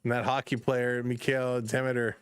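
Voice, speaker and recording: A man's voice: normal speed, smooth. A man hosting a live baseball stream, mixing play-by-play with chatty greetings to viewers. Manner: chatty, greets chat viewers by name between pitches; gets loud and excited on big plays. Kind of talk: casual live play-by-play commentary.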